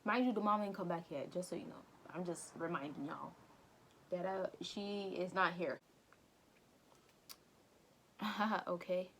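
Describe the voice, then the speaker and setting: A woman vlogger casually retelling an anime film, chatty and slangy with quick asides to her viewers. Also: fairly low pitch, fairly bright tone, slight background noise. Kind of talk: casual movie recap commentary.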